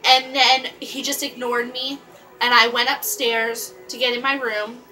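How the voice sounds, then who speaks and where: In a rambling storytime vlog, a woman speaks straight to the camera, her voice a bit high, bright, and sharp with a level tone. She halts and restarts her sentences constantly and uses many fillers. Soft music plays faintly behind her, and the recording quality is low.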